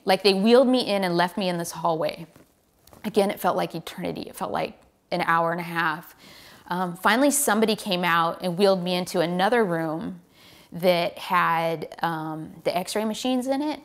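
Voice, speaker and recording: Lively American woman telling a story. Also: lowish voice, normal speed. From United States. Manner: animated, relives the scene with quoted lines. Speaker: pro cyclist telling a story. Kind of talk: casual storytelling.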